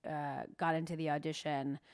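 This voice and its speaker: A woman in casual interview chat, telling animated stories and acting out the people she quotes. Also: sits low, moderate pace. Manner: animated storyteller, acts out quotes.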